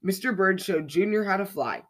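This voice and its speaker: A podcast storyteller reading a children's picture book aloud with a lively, expressive delivery. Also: medium pitch, normal speed.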